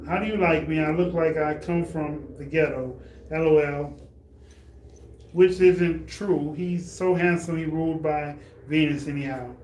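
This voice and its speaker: A man's voice: a little high, steady tone, measured pace, darkish tone. A middle-aged man hosting a podcast in casual, playful chat, often laughing. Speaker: podcast host. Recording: echoey room, faint noise.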